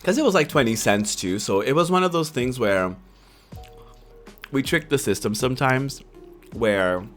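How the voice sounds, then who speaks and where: Young male streamer, casual anecdote, animated delivery, expressive pitch. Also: moderate pace, pauses often, faint music behind. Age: 20s. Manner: animated, filler-heavy, laughing often. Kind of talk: casual storytelling.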